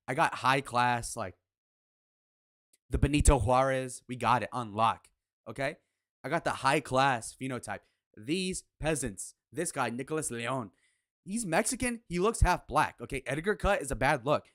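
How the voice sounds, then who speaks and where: A man's voice: medium pitch, a bit bright, no echo, clean studio sound. A man hosting a live reaction stream, talking in a brash, crude, mocking way. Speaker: livestream reaction host. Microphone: headphones on, desk mic.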